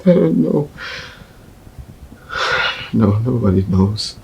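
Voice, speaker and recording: A grief-stricken young man speaks slowly in a low, gravelly voice. There is a faint room hum behind him in this film drama. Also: expressive, mellow, full character voice, low-quality recording. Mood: grieving.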